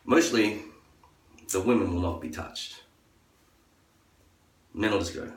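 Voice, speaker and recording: A man's voice: slow, pauses often. A man delivering a crude, profane, rambling monologue as a vlogger. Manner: crude, profane ranting; acts out others in a high falsetto. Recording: echoey room, far from the mic.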